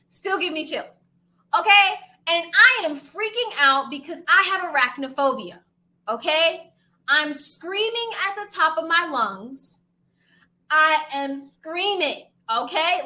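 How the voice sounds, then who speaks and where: A woman from Brooklyn, a homebuying educator, telling animated, slangy stories straight to her viewers. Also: high-pitched, a little slow. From Brooklyn, New York. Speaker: homebuying educator and channel host. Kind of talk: casual storytelling to camera.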